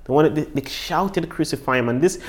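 A male pastor preaching a sermon, lively, with hushed moments and loud, emphatic stretches. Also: fairly high pitch, a little fast.

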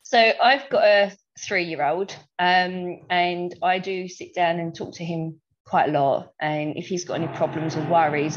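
A young woman, a new mother, chatting casually on a discussion panel and acting out little dialogues as she tells stories. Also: fairly low pitch. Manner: chatty, anecdotal, acts out dialogue. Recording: slightly dull lo-fi sound.

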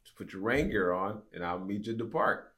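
A man's voice: lowish voice, brisk, fairly bright tone. A man in his fifties, a podcast guest, telling a story in casual chat. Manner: storytelling, acts out quoted people.

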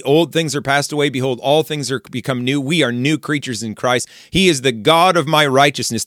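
A man's voice: mid-range voice, fairly bright tone, no room sound, clean studio sound. A man preaching on a psalm, speaking earnestly and directly to the listener. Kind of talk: radio-style Bible teaching.

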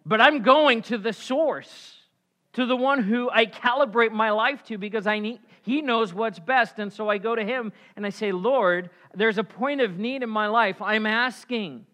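A male pastor preaching with a bright, forceful voice pitched a little high. He swings from loud, emphatic calls to quiet, low asides to the congregation. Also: measured pace. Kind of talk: sermon.

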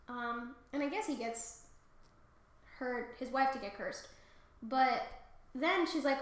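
A woman's voice: sits high, slow, long pauses. A young woman co-hosting a podcast, retelling a myth in a rambling, profane, giggly way, recorded in a very echoey room. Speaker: podcast co-host. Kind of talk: crude comic retelling of a myth.

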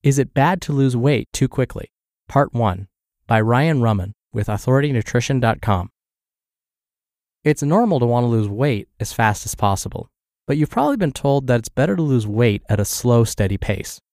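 A man hosting a daily podcast, reading a health blog article aloud in a steady scripted way, slightly stuffed up from the flu. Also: medium pitch, moderate pace, no echo, clean studio sound.

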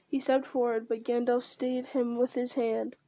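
Female reader, measured storybook reading, mellow tone. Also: on the high side, little pitch movement, no room sound. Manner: measured, with small restarts. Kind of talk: reading a novel aloud.

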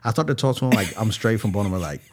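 A man's voice: fairly low pitch, very fast, slightly rough. A man in his thirties co-hosting a casual podcast chat, telling stories animatedly in slangy speech and acting out what people said. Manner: animated storyteller, slangy, acts out quotes. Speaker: podcast co-host.

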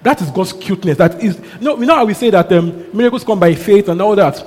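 A male preacher with a high, breathy voice speaks quickly, delivering a sermon full of lively stories. He chuckles as he goes and sprinkles in local exclamations. The hall gives a long reverb, with faint noise in the background.

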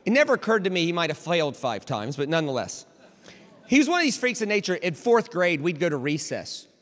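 A male pastor delivering a storytelling sermon, animated and dramatic, building to near shouts. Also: on the high side, brisk, long reverb tail.

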